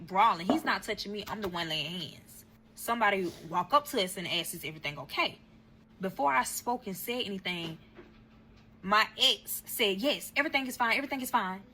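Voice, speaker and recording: A woman with a medium-pitched, pushed and bright voice recounts a breakup straight to her viewers in a casual vlog, blunt and heavy on profanity. She acts out quotes in other voices, over slight background noise and poor audio.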